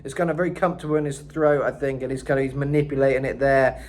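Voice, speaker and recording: A man's voice: medium pitch, steady tone, fast, darkish tone, a little hiss or hum. A man giving a casual singing lesson, explaining in a loose, rambling way with lots of fillers. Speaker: vocal coach.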